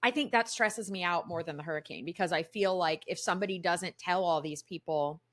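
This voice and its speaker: Animated woman ranting on a podcast. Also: lowish voice, a little fast. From Florida. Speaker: podcast co-host. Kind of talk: casual chat. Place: home desk. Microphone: video call setup.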